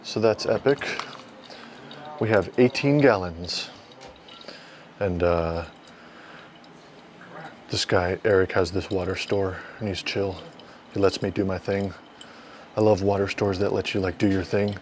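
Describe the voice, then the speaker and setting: A man's voice: deep voice, steady tone, unhurried, long pauses. Young guy, fitness vlogger type, hyping himself up jokingly while driving, faint background hum. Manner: playful, self-mocking hype. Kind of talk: casual vlog talk to camera. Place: in a car.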